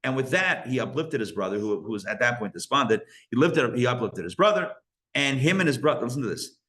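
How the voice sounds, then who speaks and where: A male rabbi telling a story in a live Torah class, conversational and animated, often restarting his sentences and using Yiddish and Hebrew religious terms. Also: medium pitch, quick pace.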